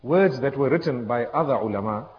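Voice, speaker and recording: A man's voice: medium pitch, lively intonation, a little fast. A man preaching a storytelling sermon, impassioned and repetitive, sprinkling in religious phrases. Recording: echoey hall, dull lo-fi sound.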